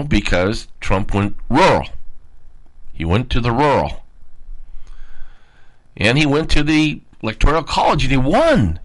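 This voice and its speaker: A man's voice: fairly low pitch, rough recording. A man hosting a political commentary show, emphatic and heated, pushing his voice hard when worked up. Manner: emphatic, rising to near-shouts when worked up. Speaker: talk show host.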